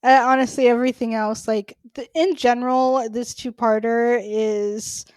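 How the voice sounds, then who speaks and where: A woman co-hosting a podcast in loose, chatty talk, her speech full of "like" fillers. Her voice sits a little high, recorded close and dry with no room sound. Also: steady tone, normal speed, a little mellow, clean tone, no echo. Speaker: podcast co-host. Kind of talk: casual chat.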